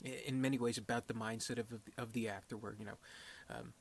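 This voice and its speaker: A man's voice: mid-range voice, steady tone, fast, slight background noise. A young man giving a casual, unscripted film review, rambling and hesitant, with many fillers and restarts.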